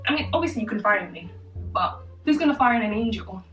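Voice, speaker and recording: A woman's voice: mid-range voice, animated, fairly quick. A woman in her twenties telling a casual story while getting ready, chatty and sassy with self-mocking asides. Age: 20s. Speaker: vlogger. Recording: echoey room, mic far off, faint music behind.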